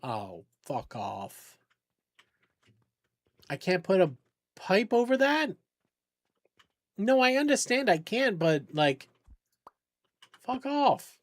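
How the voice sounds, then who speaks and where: A man's voice: high-pitched, sing-song, takes it slowly, pauses often, no room sound. A man live-streaming a game, chatting casually and rambling, swearing when the game frustrates him. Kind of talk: casual live-stream chat while gaming.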